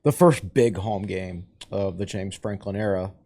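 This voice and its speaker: A man's voice: sits low, unhurried, gravelly, dark tone. A man co-hosting a sports podcast, chatting casually and tossing in wry one-liners. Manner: wry quips. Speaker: podcast co-host.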